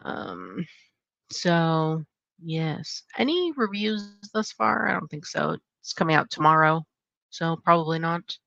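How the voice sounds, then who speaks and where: A woman's voice: low voice, very animated, slow pace, creaky, fairly bright tone, dry recording. A young adult woman hosting her channel, casually chatting through upcoming book releases in a rambling way with lots of fillers. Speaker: channel host. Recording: dull lo-fi sound.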